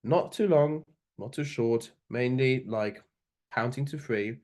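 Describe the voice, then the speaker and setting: A young man giving an online seminar on oral advocacy, talking loosely with many fillers and restarts, and slowing right down to show a point. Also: mid-range voice, a little mellow. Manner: loose, filler-heavy delivery, slowing down to demonstrate.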